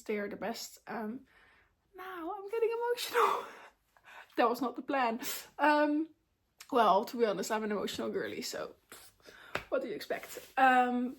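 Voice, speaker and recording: A young woman with a fairly high voice chats openly to her camera, sharing a personal life update. She is candid and talkative, and her sentences are loose and full of ums and likes. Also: breathy edge. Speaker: vlogger.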